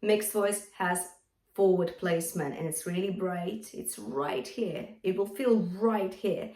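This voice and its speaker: A woman singing teacher explaining vocal registers in a clear, encouraging way. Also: lowish voice, measured pace, darkish tone, reverberant, far from the mic. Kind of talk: vocal lesson with sung demonstrations.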